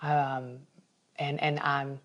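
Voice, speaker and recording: Low-voiced woman telling an emotional story. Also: little pitch movement, very slow. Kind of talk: casual chat.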